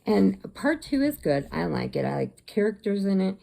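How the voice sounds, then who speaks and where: A woman's voice: medium pitch, very animated, moderate pace, gravelly, warm tone. A woman crochet vlogger chatting to camera at home, retelling a story in a rambling, chatty way with restarts.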